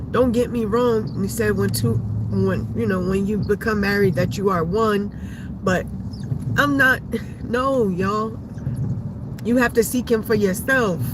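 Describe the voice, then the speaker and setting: A woman's voice: on the high side, background noise. A woman hosting a live stream, talking to viewers about faith in an emphatic, repetitive, preachy way. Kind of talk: casual faith talk to viewers.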